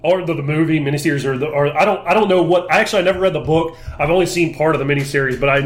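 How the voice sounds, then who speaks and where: Fast-talking blunt man. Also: on the high side. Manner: blunt, fast, laughs a lot, swears. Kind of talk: casual comedic chat.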